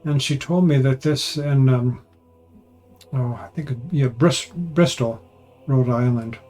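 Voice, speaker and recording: A man's voice: mid-range voice, takes it slowly, darkish tone, soft background music. A man narrating as a channel host in an informal, conversational way, sometimes hesitating and correcting himself.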